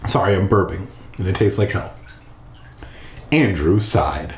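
A man's voice: low-pitched, animated, a little slow, slight background noise. A man reading a horror storybook aloud from his bathtub, with crude rambling asides. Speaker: storybook reader. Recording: echoey bathroom.

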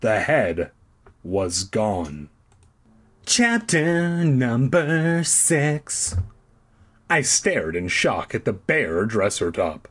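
A man's voice: medium pitch, very animated, drawn-out words, husky. A man reading a children's horror book aloud, breaking off for crude, sarcastic asides. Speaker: reader.

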